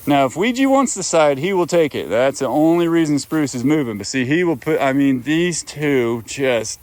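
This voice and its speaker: This goat farmer, who also vlogs, talks casually and affectionately to his animals outdoors in their pen. He speaks at normal speed in an animated, slightly high voice with a darkish tone.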